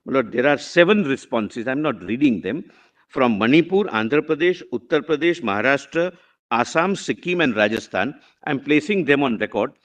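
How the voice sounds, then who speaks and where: A man's voice: mid-range voice, animated, normal speed, fairly bright tone. A man with an Indian English accent making formal submissions to a court as a government lawyer, repeating deferential forms of address.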